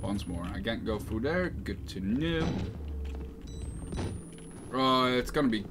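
A man's voice: mid-range voice, animated, takes it slowly, background noise. A man commenting on a horror game as he plays, in a playful, jokey manner. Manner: playful, puts on mock accents. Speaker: let's play streamer. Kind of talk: gameplay commentary.

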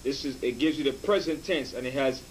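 A man reading passages aloud from reference books for a teacher, pausing with fillers as he goes. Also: medium pitch, a little hiss or hum, low-quality recording.

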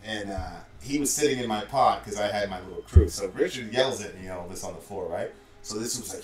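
A man's voice: lowish voice, fairly quick. Man telling a story, full of "like". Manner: loose, filler-heavy, says "like" and "bro" constantly. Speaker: former call center supervisor. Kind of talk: casual storytelling. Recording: roomy and distant from the mic, faint music.

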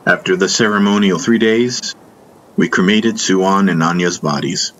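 A man's voice: sits low, moderate pace, a bit bright, muffled recording, slight background noise. A man reading a first-person fantasy audiobook in a solemn, reflective way. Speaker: audiobook narrator. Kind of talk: scripted first-person narration.

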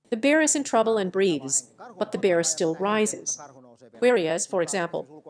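Woman, mid-pitched voice, reads a translated lecture aloud, steady and measured.

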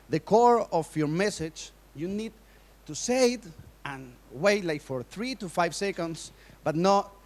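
Male conference speaker with a high voice, Spanish as his first language, teaching public speaking in nervous, laughing English. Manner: nervous, laughs often, non-native phrasing. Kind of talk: public speaking workshop talk. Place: conference hall in Madrid.

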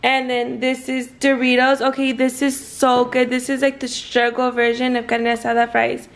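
Playful high-voiced young woman on a vlog. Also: completely flat delivery, normal speed. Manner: playful, easily amused, explains food to viewers. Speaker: vlogger. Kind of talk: casual vlog chat. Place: parked car at night. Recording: phone recording with audible background noise.

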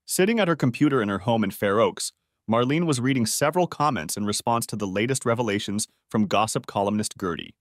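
A man narrating a revenge audiobook in an expressive storytelling voice. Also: lowish voice, quick pace, no echo, clean studio sound.

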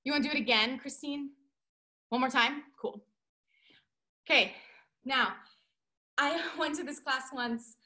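Woman, high voice, roomy echo, dance teacher, playful, counts beats, video call. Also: measured pace, pauses often, bright, forceful tone. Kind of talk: online dance class instruction.

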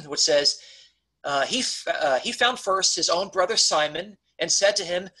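Man, bright tone, slightly raised pitch, conversational Bible teacher, emphatic. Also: animated, a little slow, breathy edge, poor audio. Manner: conversational, repeatedly checks in with "okay?"; emphatic on key points, frequent restarts. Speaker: pastor teaching a Bible study.

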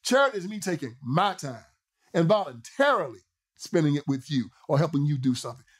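A man's voice: a little high, expressive, brisk, slightly rough. A man hosting a political commentary show, delivering an emphatic, repetitive, sermon-like monologue. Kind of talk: preachy monologue.

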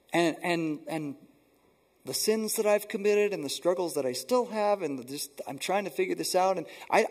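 A man's voice: high-pitched, animated, moderate pace, slightly rough. A man preaching a sermon as pastor, earnest and emphatic, often repeating words for stress. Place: church sanctuary.

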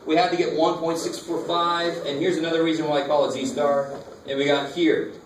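A man's voice: fairly high pitch, little pitch movement, brisk. A man teaching a math lecture, talking casually and asking the class questions. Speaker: math instructor. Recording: echoey classroom from far off, faint noise.

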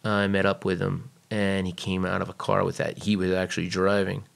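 A man's voice: low voice, monotone, fairly quick, creaky. A man guest on a podcast, telling a personal story casually and bluntly, swearing freely. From United States.

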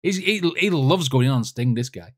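A man's voice: mid-range voice, expressive, moderate pace, a little hiss or hum. A British man hosting a reaction video, chatting casually, giggly and teasing.

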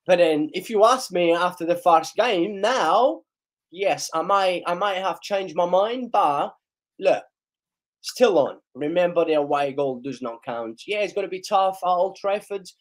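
A man hosting a live match reaction stream, slightly hoarse, excitable and shouting and chanting at big chances. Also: sits high, a little slow. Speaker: live stream host, fan of the team.

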